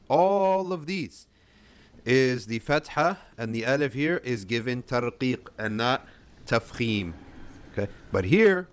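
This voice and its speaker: A man teaching the rules of Quran recitation, modeling sounds slowly and repeating them, asking and answering his own questions. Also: mid-range voice, expressive. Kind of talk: tajweed lesson, explaining and modeling recitation.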